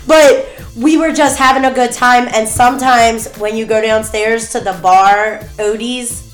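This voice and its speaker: A woman's voice: a little high, steady tone, unhurried. A young woman co-hosting a casual chat, telling a story in a rambling way with plenty of ums and giggles. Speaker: podcast co-host. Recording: echoey room with music behind.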